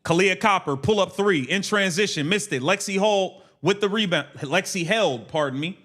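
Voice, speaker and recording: Man, high voice, livestream play-by-play, clipped calls, brash, mocking. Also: normal speed, a bit bright. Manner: brash, swearing, mocking and laughing at players. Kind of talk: casual play-by-play commentary.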